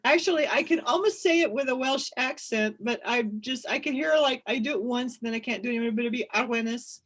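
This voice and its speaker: A woman's voice: high-pitched, quick pace. A woman co-hosting a sports podcast in casual chat, upbeat and often giggling. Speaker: podcast co-host.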